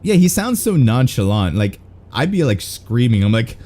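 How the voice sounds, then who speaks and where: A man's voice: mid-range voice, very animated, normal speed, dark tone. A young man doing casual, rambling live-stream gameplay commentary, swearing and self-mocking. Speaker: game streamer.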